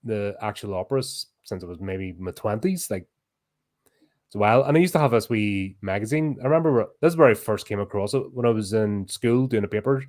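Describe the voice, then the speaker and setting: A middle-aged man, co-hosting a podcast in casual chat, loud and animated, laughing easily. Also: on the low side, a little fast. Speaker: podcast co-host.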